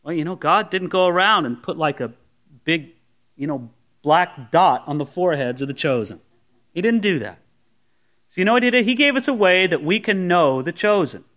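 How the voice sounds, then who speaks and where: Man, pastor preaching to a congregation, high voice, bright tone, conversational. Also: big pitch swings, normal speed. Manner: conversational, voices imagined objections. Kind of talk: expository sermon. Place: church service before a congregation.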